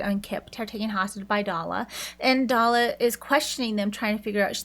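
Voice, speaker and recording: A woman's voice: mid-range voice, fairly bright tone. A woman doing a casual book review, retelling the plot in a chatty way with lots of fillers and self-corrections.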